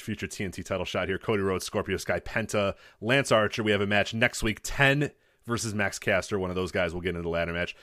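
A man hosting a wrestling podcast in casual chat, laughing often and breaking into high-pitched impressions. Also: fairly bright tone, no echo, studio quality. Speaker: podcast host.

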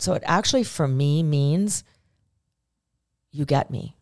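A woman's voice: sits low, expressive, a little slow, darkish tone. A woman co-hosting a podcast, talking earnestly and emotionally, often repeating phrases. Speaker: podcast co-host. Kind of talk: casual conversation.

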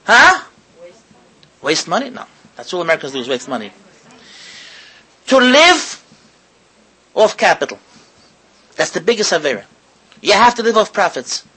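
A man giving a sermon to an audience as a rabbi, animated and full of rhetorical questions, repeating his words and mixing in Hebrew and Yiddish terms. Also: high-pitched, moderate pace, pauses often, slightly rough, low-quality recording.

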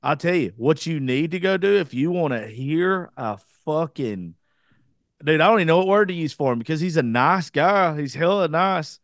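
A man's voice: a little high, lively intonation, normal speed, no echo. Blunt, profane podcast host, man. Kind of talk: casual chat.

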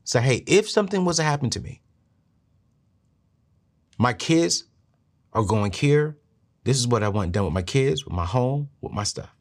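A middle-aged man hosting a show and giving money advice in an earnest, preachy way that climbs higher when he presses a point. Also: expressive, normal speed, long pauses. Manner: earnest, preachy, rises in pitch when emphatic. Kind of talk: motivational talk to camera.

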